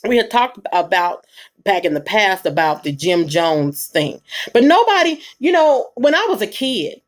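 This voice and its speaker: A woman giving a live commentary monologue, emphatic and preachy, with bursts of rapid speech. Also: medium pitch, big pitch swings. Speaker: online commentator.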